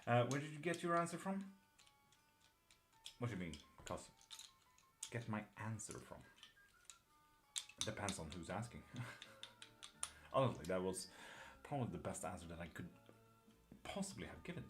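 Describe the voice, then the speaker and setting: A man with a wandering Irish-British accent chats on a live tarot stream, his voice sitting on the low side. He swears offhand, laughs often and answers viewers one by one. Soft music plays quietly underneath. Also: big pitch swings, normal speed, long pauses. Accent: mixed Irish-British. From Sweden. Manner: chatty, swears casually, laughs often, reads chat aloud. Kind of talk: casual live-stream chat. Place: home streaming setup in England.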